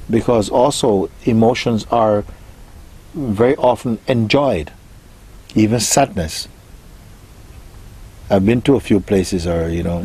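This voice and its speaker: A man giving a spiritual talk, soft-spoken and unhurried, musing gently with pauses as he answers a question. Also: deep voice, a little hiss or hum. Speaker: spiritual teacher.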